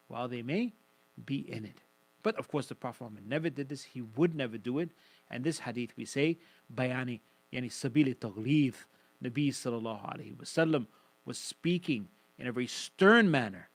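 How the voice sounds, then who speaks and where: A man delivers a radio religious lesson at a brisk clip, pressing his points home and breaking into Arabic recitation. The recording is dry and close, with no room sound around his voice. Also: mid-range voice, expressive, no echo, poor audio. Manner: fast, emphatic teaching with quoted Arabic recitation. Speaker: Quran commentary teacher.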